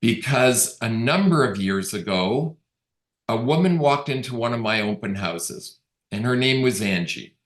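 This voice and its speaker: A middle-aged Canadian real estate agent talks conversationally in a webinar, telling stories and voicing the dialogue he quotes. He speaks expressively at a measured pace with a mid-range voice, and the video call audio carries a roomy echo.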